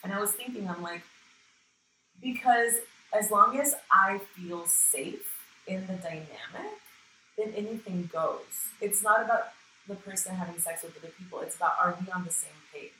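A woman with a medium-pitched, bright, forceful voice speaks at normal speed in a frank, casual conversation. She swears freely and often acts out what she said. The recording sounds roomy and distant, with faint noise.

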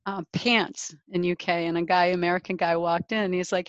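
A woman's voice: on the low side, steady tone, fairly quick, dry recording, highs cut off. A woman hosting a podcast, chatting casually and laughing easily with her guest. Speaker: podcast host. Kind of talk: casual interview chat.

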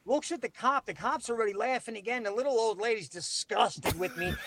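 Give me a man with a high voice telling a rowdy, profane story. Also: a little fast, a loud crowd. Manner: animated, profane, laughs through the story. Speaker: podcast guest storyteller. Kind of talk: casual storytelling.

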